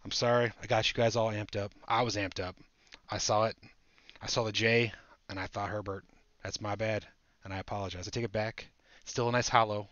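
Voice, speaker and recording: Guy hosting a live card break, lowish voice, gets all amped up, muffled lo-fi audio. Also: brisk, dry recording. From Buffalo area, United States. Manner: excitable, chatty, talks to viewers while opening packs. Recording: dull lo-fi audio.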